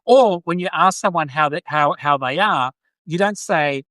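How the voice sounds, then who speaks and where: A man's voice: on the high side, moderate pace, sharp tone, no room sound. An Australian man from Sydney, hosting a casual live-stream chat, rambling and chatty as he answers viewer comments. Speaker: podcast host.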